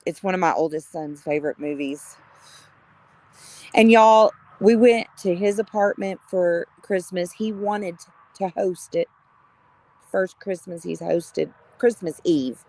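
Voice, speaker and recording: A woman's voice: fairly low pitch, measured pace. Gushing middle-aged woman streamer. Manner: warm, gushing, greets viewers, laughs often. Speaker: live streamer. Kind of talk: casual live-stream chat.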